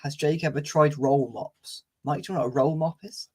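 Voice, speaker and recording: Man, fan stream host, casual chat, higher pitch. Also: steady tone, fairly quick, a little mellow, slightly rough. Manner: chatty, laughs easily, reads out viewer comments.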